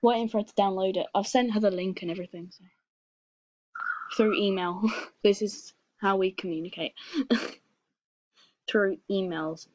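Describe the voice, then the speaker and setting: A woman's voice: mid-range voice, fairly even intonation, moderate pace, long pauses, darkish tone, dry recording. A young woman with an English accent chatting on a call, giggly and hesitant with many ums. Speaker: video host. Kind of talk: casual chat on a call. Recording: lo-fi muffled recording.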